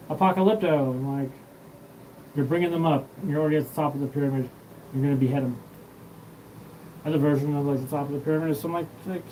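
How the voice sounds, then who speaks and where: Rambling, profane man with a mellow voice. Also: a little high, a little hiss or hum, poor audio. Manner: rambling, profane, jumps between topics. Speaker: show host. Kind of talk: rambling monologue.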